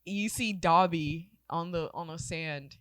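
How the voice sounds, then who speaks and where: A woman's voice: fairly low pitch, slow pace, dry recording. A woman in her twenties co-hosting a casual podcast, rambling and swearing as she gets teary. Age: 20s. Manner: rambling, emotional, swears freely, tearful. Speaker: podcast co-host. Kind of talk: casual chat.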